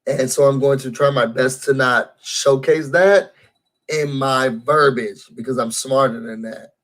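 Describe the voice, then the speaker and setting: A man recapping and ranting about a reality show episode for his channel, animated and addressing viewers directly. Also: medium pitch, measured pace. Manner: animated, talks straight to viewers. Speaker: YouTube show reviewer. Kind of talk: casual recap rant.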